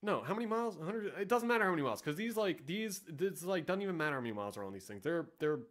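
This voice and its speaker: A man hosts a casual vlog and keeps up a rambling, sarcastic running commentary. His voice sits a bit high, and he swears freely. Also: very animated, very fast, a bit bright. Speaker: vlog host. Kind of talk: casual commentary reading ads.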